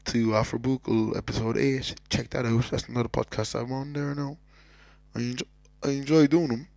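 A man's voice: medium pitch, fairly even intonation, moderate pace, gravelly, a little mellow, dry recording, rough recording. A man with a Cork Irish accent hosting his podcast, talking loosely and jokily, swearing often and trailing off into restarts. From Ireland. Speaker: podcast host. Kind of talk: casual rambling solo intro.

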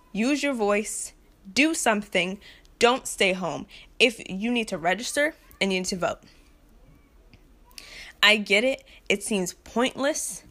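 A woman's voice: medium pitch, bright, forceful tone. A young woman from the United States delivering an impassioned, frustrated rant to camera, blunt and repetitive, with nervous laughs between points. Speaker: vlogger.

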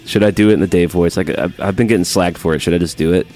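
A man's voice: deep voice, quick pace, a little mellow, soft background music. A man co-hosting a podcast in casual, joking chat, often laughing and slipping into silly voices. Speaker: podcast co-host.

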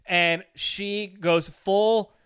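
High bright-voiced man telling a comic story. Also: very slow, clean tone. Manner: animated, acts out scenes, laughs often. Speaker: podcast host. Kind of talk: casual chat, comic storytelling.

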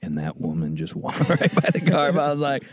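A man co-hosting a comedy podcast in casual chat, excitable and quick to laugh. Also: mid-range voice, husky, no room sound. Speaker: podcast co-host.

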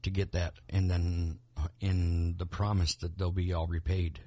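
A man's voice: deep voice, little pitch movement, a little slow, mellow. A man co-hosting a podcast, talking casually about the news in a rambling way, with many restarts and repeated words. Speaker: podcast co-host. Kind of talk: casual political chat.

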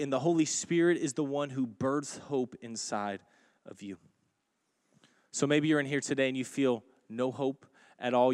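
A man preaching a sermon in a church, moving from quiet, intimate lines to loud, emphatic ones. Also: medium pitch, no room sound. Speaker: pastor. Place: church sanctuary.

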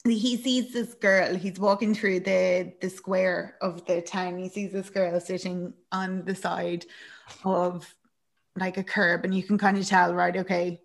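This young Irish podcast co-host has a lowish voice with vocal fry and speaks unhurriedly. She casually walks through a film's plot, laughing often and performing the characters' lines with animated energy.

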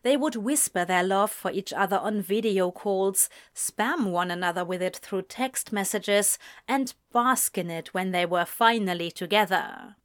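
A woman narrating a romance story in a measured audiobook reading. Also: mid-range voice.

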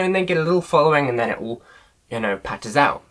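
A man's voice: on the high side, a little fast, fairly bright tone, low-quality recording. A man leading an online Bible study in a casual teaching style, earnest and loosely phrased with frequent filler sounds.

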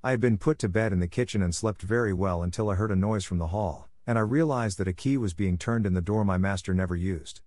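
A man voicing a timid little male terrier dog with a soft, self-effacing voice. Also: on the low side, quick pace, few pauses, no room sound, clean studio sound, close to an everyday voice. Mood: telling.

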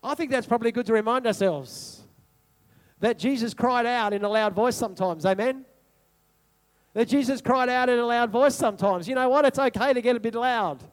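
A man preaches with an unusually high-pitched voice. He repeats key phrases for emphasis and keeps asking the congregation questions as he works through scripture. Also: moderate pace. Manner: repetitive rhetorical preaching, asks the congregation questions. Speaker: pastor. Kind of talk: sermon.

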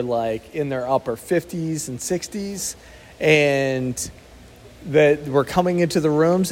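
A man's voice: a little high, darkish tone. A man co-hosting a casual podcast, speaking candidly and reflectively, sometimes searching for words. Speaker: podcast co-host. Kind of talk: casual recovery podcast chat.

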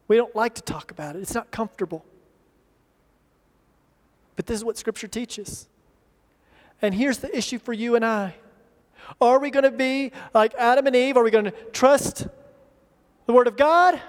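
A man's voice: very high-pitched, darkish tone. A man preaching a sermon as pastor, earnest, acting out the voices he quotes and doubling words when he presses a point. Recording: long reverb of a large hall.

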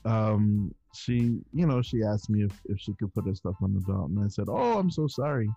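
A man's voice: fairly low pitch, flat delivery, normal speed, gravelly, dark tone, breathy edge, highs cut off, faint music behind. A man in a casual podcast chat, chatty and laughing often. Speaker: podcast guest.

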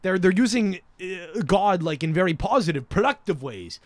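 Podcast host, young man, slightly high voice, rambling profane banter, dry close sound. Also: expressive, moderate pace, dry recording. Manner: profane, joking, laughs often; scattered, many fillers and restarts. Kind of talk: casual rambling podcast chat.

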